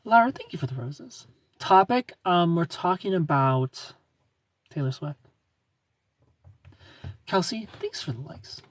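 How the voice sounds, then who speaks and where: Soft-spoken husky man on a livestream. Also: big pitch swings, measured pace, long pauses. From Ohio. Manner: soft-spoken, low-key, drifting into quiet asides. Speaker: livestream host. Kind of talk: casual livestream chat reading viewer comments.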